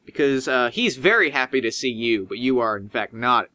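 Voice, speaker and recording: A man narrating a tabletop game as game master, animated and swinging in pitch as he describes scenes. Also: moderate pace, no room sound.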